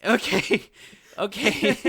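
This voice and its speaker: A man's voice: high voice, very slow, pushed and bright, slightly rough, no room sound, studio quality. Giggly, rambling male podcast host. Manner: giggly and rambling, often breaking into laughter. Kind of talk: comedic in-character podcast.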